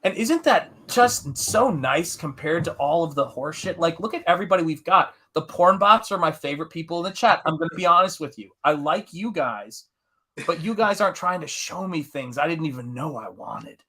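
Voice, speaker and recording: A man's voice: on the high side, animated, fairly quick, sharp tone, breathy edge. A middle-aged man hosting a live art stream, chatting casually and enthusiastically with his viewers while he paints. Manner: enthusiastic, rambling, talks to the chat.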